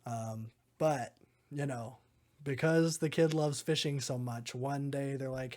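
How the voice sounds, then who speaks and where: A man's voice: medium pitch, steady tone, measured pace, a little mellow. A man hosting a podcast, casually recapping a movie in a rambling way, chuckling often and filling his talk with "like". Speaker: podcast host.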